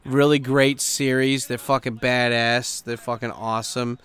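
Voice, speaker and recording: A man's voice: mid-range voice, measured pace, clear, resonant tone. A young man hosting a podcast, chatting casually and swearing a lot, with plenty of fillers as he rambles. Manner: profane, animated storytelling with lots of fillers. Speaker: podcast host.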